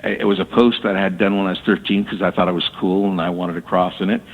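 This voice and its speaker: A man telling his story as a guest on a radio interview, halting and repeating words as he talks. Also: deep voice, steady tone. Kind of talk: casual storytelling. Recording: tinny phone line with long reverb.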